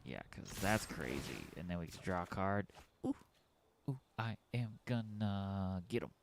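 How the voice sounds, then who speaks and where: A man's voice: sits low, a little slow, heavy background noise. A man streaming a card game, chatting casually with his viewers and muttering through his plays. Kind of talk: casual commentary while playing a card game.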